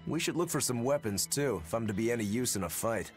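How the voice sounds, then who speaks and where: A man's voice: medium pitch, animated, quick pace, faint music behind, close to an everyday voice. An actor playing a practical young male swordsman in a game, speaking in a level, matter-of-fact way.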